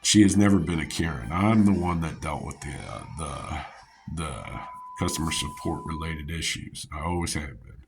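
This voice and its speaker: A man's voice: a bass voice, slight background noise. A man vlogging, telling a rambling personal story with chuckles, fillers and restarts.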